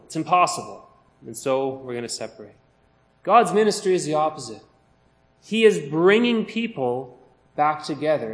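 Man preaching a slow, emphatic sermon. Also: fairly high pitch. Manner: emphatic, slows down to stress scripture.

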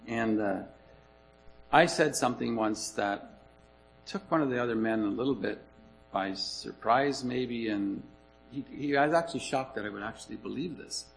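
A man's voice: medium pitch, creaky, a little hiss or hum, poor audio. A man preaching a sermon in an earnest, emphatic way, repeating his key points.

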